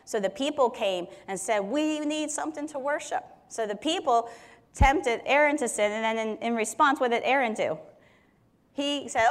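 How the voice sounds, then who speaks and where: A woman's voice: a little high, normal speed. A woman teaching on Scripture in a conversational way, explaining verses with everyday examples. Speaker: Bible teacher. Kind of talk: Bible teaching talk.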